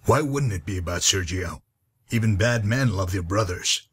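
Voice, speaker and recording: Game NPC: man playing a husky, low-voiced, weary wasteland guide. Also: expressive, moderate pace, a bit bright, full character voice. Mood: weary, dry. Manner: dry, weary, patient. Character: gruff grizzled male wasteland guide. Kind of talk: game character dialogue.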